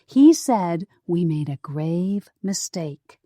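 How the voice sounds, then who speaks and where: Woman reading an eager young woman sleuth; slow, lowish, close dry mic. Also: animated, dark tone, no room sound. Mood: earnest. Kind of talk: audiobook character voice.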